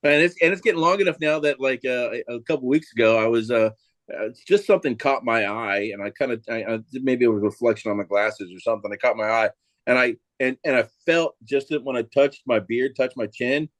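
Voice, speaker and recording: A man's voice: medium pitch, fairly quick, dry recording. A man co-hosting a casual chat, rambling hesitantly with many restarts. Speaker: podcast co-host.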